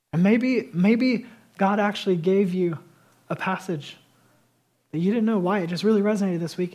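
A man preaching a sermon as pastor, swinging between emphatic loud declarations and quieter conversational asides. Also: high voice, husky.

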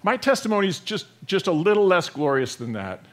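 A man preaching a sermon, moving between loud emphatic passages and hushed, soft ones. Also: high voice, sing-song, fairly quick. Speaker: pastor.

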